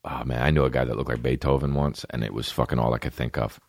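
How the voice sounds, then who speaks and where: A man's voice: rumbling low, quick pace, vocal fry, dry recording, studio quality. A man hosting a podcast, ranting in a profane, rambling, comedic monologue. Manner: profane, rambling, animated rants. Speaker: podcast host.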